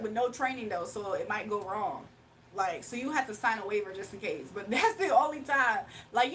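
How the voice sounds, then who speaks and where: A young woman from Virginia, United States, hosts a livestream, reading chat comments aloud in a playful, sassy way and laughing frequently. Her voice is a little high with a fairly bright tone, and there's a slight hiss or hum.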